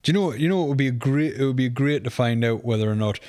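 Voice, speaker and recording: A man's voice: medium pitch, very fast, a little mellow, no echo, studio quality. A man co-hosting a movie podcast, speculating in a rambling, casual way. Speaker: podcast co-host. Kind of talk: casual chat.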